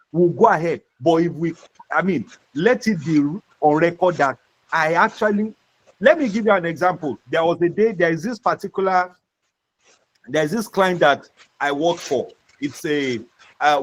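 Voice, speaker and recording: High-voiced Nigerian male trainer. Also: breathy edge. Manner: repetitive, acts out example dialogues. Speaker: vocational trainer. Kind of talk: soft-skills classroom lecture.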